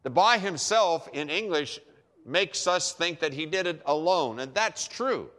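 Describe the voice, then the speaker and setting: A man preaching a sermon emphatically, with dramatic pauses and repeated phrases for effect. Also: on the high side, lively intonation, pushed and bright. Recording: long hall reverb.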